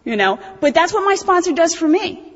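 A woman, giving a blunt, animated, profane recovery talk at a convention. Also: very high voice, fairly quick. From New Jersey. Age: 30s. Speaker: AA convention speaker. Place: convention hall. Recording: dull recording in reverberant hall.

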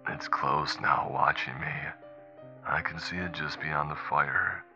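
A man voicing a wounded male pilot recording tense, hushed last messages while a creature hunts him. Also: steady tone, normal speed, music in the background. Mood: grim. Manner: low, tense, hushed reports. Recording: muffled lo-fi recorder playback.

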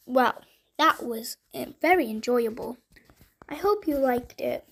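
Slow, high-voiced woman storyteller. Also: lively intonation, gravelly, slightly rough. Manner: gentle, unhurried storytelling. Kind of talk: bedtime story narration.

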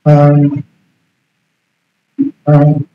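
A middle-aged man, a political science lecturer, giving an unscripted conference talk, halting and repeating words as he searches for phrasing. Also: a little high, monotone, dull audio. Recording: very echoey room with faint background noise.

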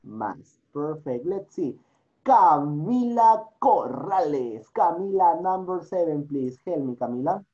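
Male English teacher, mellow voice, calls on students one by one, dull video call audio. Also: on the high side, lively intonation, normal speed, hardly any pauses. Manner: switches between English and Spanish, coaxing and repetitive. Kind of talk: online class, calling on students.

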